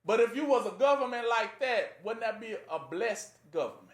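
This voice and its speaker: A man with a fairly high voice gives an informal Bible teaching in a plain, conversational way. He keeps asking his listeners to finish his sentences. The sound bounces around a roomy, echoing space. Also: lively intonation, moderate pace. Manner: rhetorical fill-in-the-blank questions to listeners. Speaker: preacher teaching scripture. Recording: echoey room.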